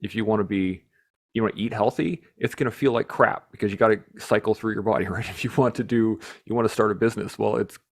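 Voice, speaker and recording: A man hosting a podcast, telling stories in a casual, animated way, swearing freely and laughing as he talks. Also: on the low side, fast talker, vocal fry. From Canada. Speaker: podcast host. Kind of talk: casual storytelling chat.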